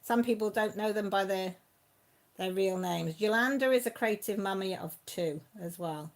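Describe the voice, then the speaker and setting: A woman hosting a casual live stream, chatting warmly with viewers by name and laughing often. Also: medium pitch, moderate pace. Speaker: channel host reading live chat.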